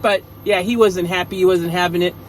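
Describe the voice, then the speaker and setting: A wrestling show recapper in casual chat, speaking at a mid pitch. The talk is slangy and rambling, full of jokey tangents, with faint noise in the background. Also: fairly even intonation, fairly quick, rough recording.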